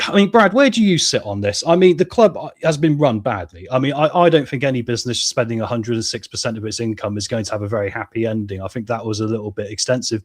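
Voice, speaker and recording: A man hosting a casual football fan discussion, asking his co-host pointed questions and often ending points with "right?". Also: medium pitch.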